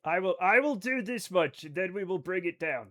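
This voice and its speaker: Young male streamer with a high, sharp voice who is chatty and profane and riffs on chat. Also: animated, moderate pace. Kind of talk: casual live-stream chat while gaming.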